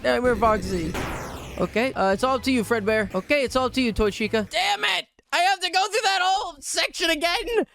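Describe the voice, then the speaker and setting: A woman's voice: high voice, expressive, brisk, fairly bright tone. A woman commentating live as she plays a video game, ranting and pleading at it in exasperation. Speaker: gaming video creator.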